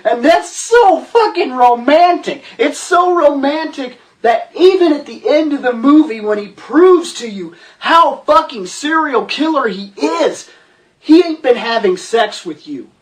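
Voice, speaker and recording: A man's voice: extremely high pitch, expressive, measured pace, recorded from a distance. A man hosting a ranting movie review, profane, sarcastic and exasperated. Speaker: host.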